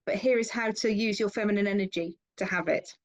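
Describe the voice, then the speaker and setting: A woman's voice: medium pitch, brisk, low-quality recording. A woman hosting an interview, speaking in an earnest, reflective way. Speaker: interviewer, host. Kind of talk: conversational interview.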